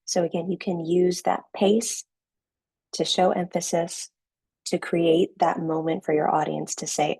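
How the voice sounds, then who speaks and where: Female online instructor, husky tone, lecture delivery with frequent check-ins. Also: lowish voice, little pitch movement, a little slow, a little mellow, dry recording, rough recording. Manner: coaching, checks in with "right?". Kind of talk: virtual class lecture.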